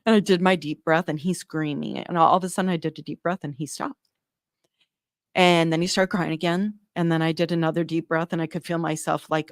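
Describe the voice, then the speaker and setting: A woman working in newborn care, earnestly telling an animated story in an interview, acting out the dialogue. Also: deep voice, normal speed, no room sound, studio quality. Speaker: neonatal medical provider, guest.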